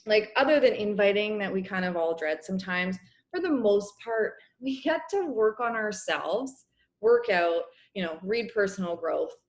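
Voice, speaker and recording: A young woman coaching her business team on a casual video call, chatty and encouraging, clearing her throat as her voice wears out. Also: mid-range voice, animated, normal speed. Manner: chatty, encouraging, many fillers. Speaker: network marketing coach.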